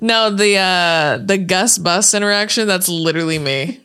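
A woman's voice: fairly low pitch, moderate pace, sharp tone, clean tone. A young woman co-hosting a podcast in casual chat, swearing freely, laughing a lot and quoting movie lines. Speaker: podcast co-host.

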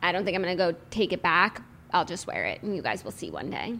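A woman's voice: lowish voice, very animated, quick pace, vocal fry, sharp tone, slight background noise. A young woman chats on a podcast with a friend. She agrees readily and riffs playfully on each story in an easy conversational way. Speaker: podcast co-host. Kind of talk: casual chat.

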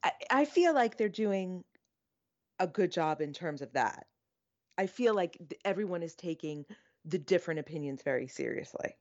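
A woman co-hosting a podcast in casual chat, animated and self-deprecating. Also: fairly low pitch, normal speed, lo-fi sound. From United States. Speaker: podcast co-host.

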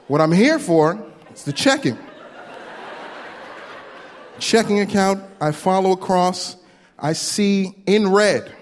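A man doing a stand-up comedy set, telling a story with quick voice impressions into a handheld stage mic at a live venue. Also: high voice, expressive. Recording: long hall reverb, faint room noise.

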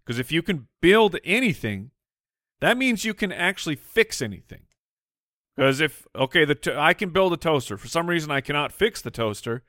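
A man's voice: a little high, very animated, moderate pace, fairly bright tone, dry recording, clean studio sound. A man co-hosting a casual chat show, teasing and needling the others. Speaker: podcast co-host.

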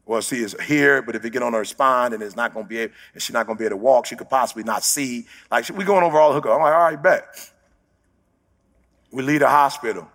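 A man speaking as a motivational speaker with a gravelly, husky voice. He tells a story in loose, slangy talk and pushes his voice up into shouts for emphasis. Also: medium pitch, fast talker, big-room sound. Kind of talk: storytelling speech.

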